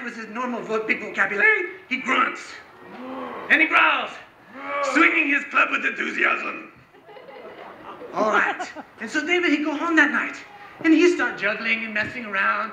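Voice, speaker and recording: A man performing a comic story live, animated and joking with the audience between lines. His voice is very high and bright, and it echoes through the room. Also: normal speed, a little hiss or hum. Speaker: storyteller and juggler.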